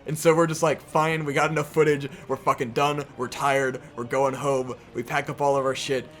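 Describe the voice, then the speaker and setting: A man's voice: mid-range voice, level tone, normal speed, a bit bright, faint music behind. A young man co-hosting a podcast, telling a story in a casual, exasperated rant with heavy swearing. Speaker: podcast co-host.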